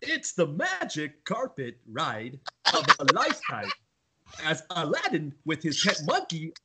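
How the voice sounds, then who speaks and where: A man doing a slow, halting impression of a famous actor while reading a cup label as a joke. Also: fairly high pitch, wildly swooping pitch, very noisy, heavily acted. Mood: mock-dramatic. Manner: slow, oddly stressed phrasing with pauses.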